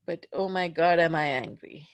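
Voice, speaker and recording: A woman leading a guided tapping session, speaking slowly and emphatically as she voices raw anger and fear. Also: fairly low pitch, clean tone, no room sound. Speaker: tapping practitioner.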